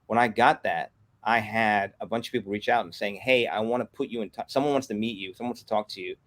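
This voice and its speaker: A man, a guest on an interview podcast, telling lively anecdotes and acting out the quotes. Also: fairly low pitch. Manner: fast, animated anecdotes with acted-out quotes. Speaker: guest, comics company executive. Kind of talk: casual interview storytelling.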